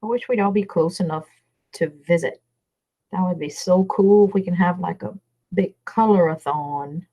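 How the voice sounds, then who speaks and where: A woman's voice: lowish voice, moderate pace, mellow, rough recording. A woman from Louisiana with a Southern accent, chatting casually with viewers on a livestream, rambling and reading out their names. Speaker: livestream host.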